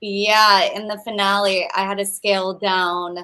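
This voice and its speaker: Woman, bright voice, mid pitch, quick wry storytelling. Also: little pitch movement, a little hiss or hum, low-quality recording. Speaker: guest, former contestant. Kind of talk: casual chat.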